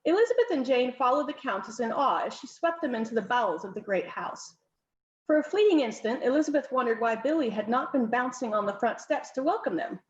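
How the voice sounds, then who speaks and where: A woman's voice: on the high side, roomy sound, dull audio. A woman author reading her own novel aloud in an informal, non-professional way. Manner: informal, self-correcting reading.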